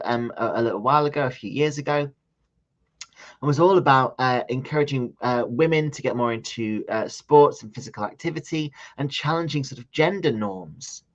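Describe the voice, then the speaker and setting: A man's voice: medium pitch, lively intonation, moderate pace. A man leading a training session on social media marketing, talking it through in a loose, conversational way with frequent ums and restarts. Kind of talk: live online training session. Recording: slightly dull lo-fi audio.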